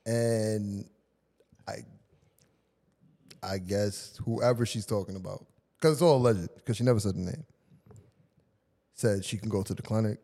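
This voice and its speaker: A man co-hosting a podcast, joking and bantering in a lively, animated way. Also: fairly low pitch, a little slow, pauses often. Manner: animated, jokey. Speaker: podcast co-host. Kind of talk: casual banter.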